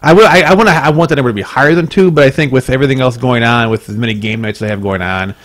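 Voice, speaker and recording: A man's voice: medium pitch, very fast, fairly bright tone. A man co-hosting a casual podcast, laughing often and restarting his words. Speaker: podcast co-host.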